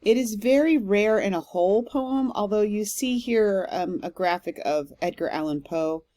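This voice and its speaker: A woman's voice: mid-range voice, moderate pace, dark tone, no echo. A woman professor giving a recorded literature lecture, explaining step by step with frequent "um" fillers.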